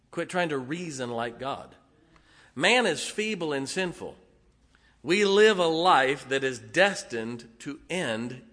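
A man preaching in a church with a bright, forceful tone. He swings between emphatic rhetorical questions and folksy, joking stories. His voice carries a long reverb from a big hall. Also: on the high side. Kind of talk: sermon.

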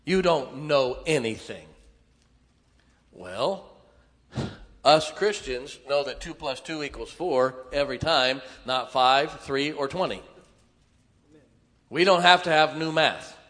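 A middle-aged man preaching a sermon, telling folksy, animated stories with asides to the congregation. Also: a little high, takes it slowly, pauses often. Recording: long hall reverb.

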